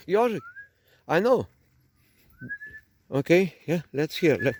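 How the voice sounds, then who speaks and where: A man's voice: fairly high pitch, sing-song, slow, long pauses, a little mellow. A man with a non-native English accent hosting a vlog, chatting casually and teasing in a mock-announcer way. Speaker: vlog host. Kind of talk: casual joking chat. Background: birds calling.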